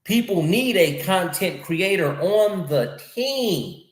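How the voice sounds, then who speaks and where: A man with a fairly high voice hosts a loose, animated chat, leaning on slang and circling back on his own phrases. The room has a clear echo around him. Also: slow pace. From North America. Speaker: podcast host. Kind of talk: casual conversation. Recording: echoey room.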